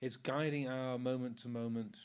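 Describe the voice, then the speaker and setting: A man in his sixties, a Buddhist monk, giving an informal Dharma talk in a relaxed, anecdotal way, with many fillers and frequent chuckles. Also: mid-range voice, moderate pace, clean tone.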